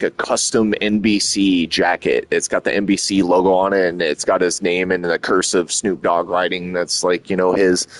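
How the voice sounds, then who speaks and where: A low-pitched man chats casually on a stream. He rambles and swears freely, his talk running hot with excitement. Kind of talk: casual chat.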